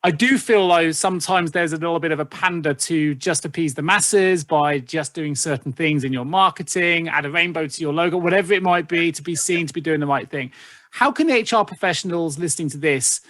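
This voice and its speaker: A man's voice: on the high side, a little fast, fairly bright tone, no echo, clean studio sound. A man hosting a podcast, asking long, thoughtful questions with fillers. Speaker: podcast host.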